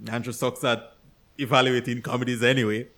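A man's voice: mid-range voice, flat delivery, a little fast, a bit bright. A man co-hosting a casual chat, ranting with exasperation about a movie, swearing and acting out his own reactions. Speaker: podcast co-host.

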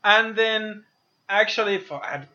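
A Frenchman with a high, bright voice rambles animatedly through a casual movie review chat, laughing as he goes and swearing casually. His French accent comes through, and the lo-fi recording sounds dull. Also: unhurried.

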